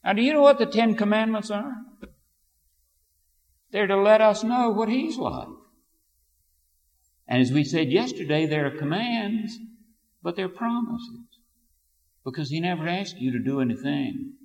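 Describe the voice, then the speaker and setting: A man preaching a sermon and reading scripture, with emphatic, forceful declarations. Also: high voice, lively intonation, measured pace, pauses often. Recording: reverberant hall.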